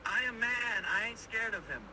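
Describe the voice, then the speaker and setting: Ai clone doing a cocky young fighter dude, kinda high, slangy and boastful, sounding far off through a phone with hiss. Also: male voice, expressive, brisk, pushed and bright, heavily acted. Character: AI chat voice imitating a cocky young male boxer. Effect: AI voice clone played from a phone speaker. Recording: distant, noisy phone playback.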